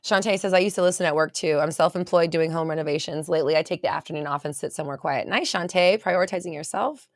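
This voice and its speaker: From a home studio, a woman with an American valley girl accent hosts a podcast livestream, chatting casually and reading viewer comments in a bubbly way full of fillers. Her low voice moves fast with hardly any pauses, recorded at studio quality with no echo.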